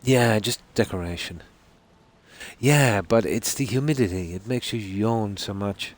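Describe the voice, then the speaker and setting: A man giving casual, rambling live-stream commentary while playing a game, talking easygoing from a room at home at night. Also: fairly low pitch. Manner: rambling and easygoing, with many "you know"s and pauses.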